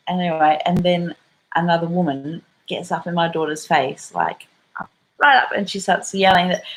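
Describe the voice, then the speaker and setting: A woman's voice: lowish voice, normal speed, low-quality recording. An Australian woman telling a story in a casual vlog, rambling and swearing and full of fillers. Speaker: vlogger.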